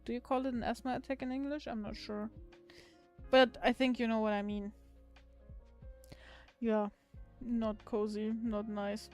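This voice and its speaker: A woman's voice: fairly high pitch, level tone, unhurried, long pauses, darkish tone, faint music behind. A woman livestreamer in casual chat with her viewers, giggling often and swearing casually.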